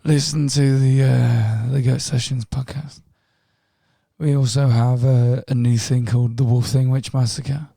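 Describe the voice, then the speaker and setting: A man co-hosting a podcast, his voice hoarse and gravelly after two days of screaming, talking in a slow, jokey drawl. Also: mid-range voice, little pitch movement, mellow, no echo, studio quality. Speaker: podcast co-host. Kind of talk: casual chat.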